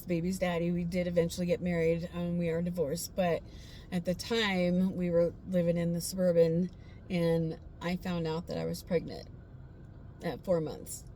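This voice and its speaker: A woman sharing her personal faith testimony in a casual, earnest, heartfelt way, pausing often with fillers. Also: fairly low pitch, flat delivery, mellow, a little hiss or hum.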